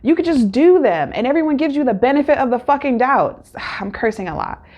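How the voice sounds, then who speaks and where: A woman's voice: high voice, sing-song, brisk, muffled recording. A woman hosting a casual solo recap, talking candidly with many fillers and acted-out quotes. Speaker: show recap host.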